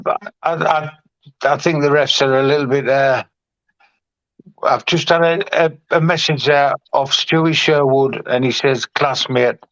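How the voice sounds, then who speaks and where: A middle-aged man, hosting and recalling football days in halting, repetitive casual chat. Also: a little high, fairly even intonation, a bit bright, no room sound. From North East England. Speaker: show host and former player. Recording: dry, muffled lo-fi sound.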